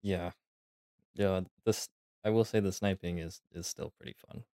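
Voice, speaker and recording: A man's voice: low-pitched, fairly even intonation, normal speed, mellow, dry recording, clean studio sound. A man co-hosting a casual podcast, laid-back and swearing, with lots of fillers. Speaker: podcast co-host. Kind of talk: casual chat.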